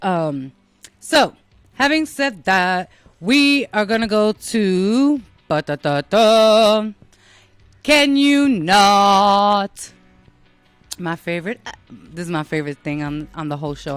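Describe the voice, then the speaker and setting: A woman's voice: lowish voice, expressive, moderate pace, smooth, no room sound, faint music behind. An American woman hosting her own show, talking casually to listeners in a blunt, profane and self-mocking way. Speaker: podcast host.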